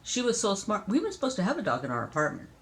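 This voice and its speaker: Older woman, grandmother teaching a grandchild, playful and chatty, lively swooping pitch, laughs easily. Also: racing. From Southern California. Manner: playful, chatty, laughs often, imitates animal sounds. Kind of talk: casual spoken lesson to a child.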